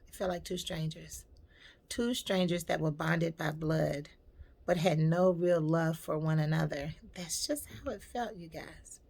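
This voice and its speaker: Woman vlogger with a slightly low voice, heartfelt and reflective in a personal storytime. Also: unhurried, vocal fry, darkish tone.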